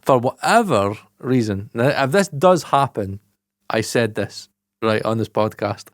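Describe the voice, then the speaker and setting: A Scottish man co-hosting a podcast about audio engineering, talking excitedly and swearing freely. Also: unhurried, no echo, clean studio sound. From Scotland. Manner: excitable, swears freely, jumps pitch in animated asides. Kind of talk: casual podcast chat.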